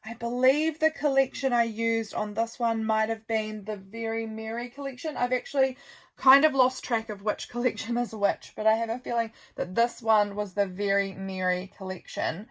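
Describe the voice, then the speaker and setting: A woman's voice: a little high, fairly even intonation, moderate pace. A woman, a journal maker, chatting casually while showing her work, gushing and a little tired. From New Zealand. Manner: chatty, gushing, softly rambling. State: tired, yawning. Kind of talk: casual craft show-and-tell.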